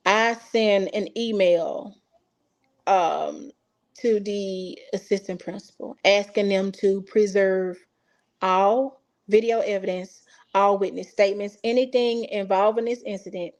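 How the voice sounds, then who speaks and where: A woman's voice: mid-range voice, fairly even intonation, unhurried, darkish tone. A woman, a mother from Texas, telling a personal story in casual speech and acting out the quoted dialogue with feeling. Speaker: interview guest. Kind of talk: casual recounting.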